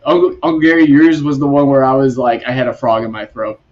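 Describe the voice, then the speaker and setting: A man's voice: medium pitch, flat delivery, fast talker, lo-fi sound, a crowd in the background. A man hosting a casual podcast chat, rambling and laughing often. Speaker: podcast host.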